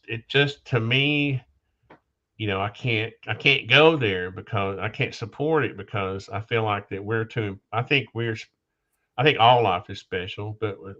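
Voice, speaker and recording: A man hosting a casual podcast conversation, talking haltingly with restarts, losing his train of thought and coughing now and then. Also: lowish voice, pushed and bright. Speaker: podcast host. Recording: dull lo-fi sound.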